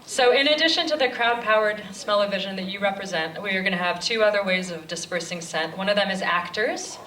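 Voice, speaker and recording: A woman's voice: mid-range voice, brisk. A woman from Los Angeles, chattily giving joking instructions to a cinema audience. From Los Angeles, USA. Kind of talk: live address to a cinema audience. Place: large cinema auditorium. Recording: echoey hall, far from the mic, loud crowd. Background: audience noise and murmur.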